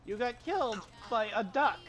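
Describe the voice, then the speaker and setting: A man streaming a game, chatting casually; he has an unusually high voice, gets excitable, giggles a lot and swears freely. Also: normal speed, soft background music, rough recording. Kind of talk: casual gaming stream chat.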